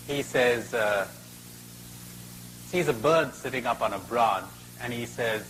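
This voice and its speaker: A man giving a spiritual talk and telling a fable, expressive with dramatic pauses. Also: mid-range voice, slight background noise, rough recording. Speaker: spiritual speaker.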